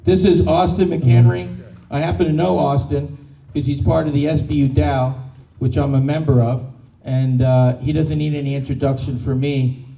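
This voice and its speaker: A man emceeing a live pitch event, jovial and reassuring, telling the audience to relax and have fun. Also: fairly even intonation, moderate pace, vocal fry, hardly any pauses, mellow. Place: large event room in Austin. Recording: echoey room, mic at a distance.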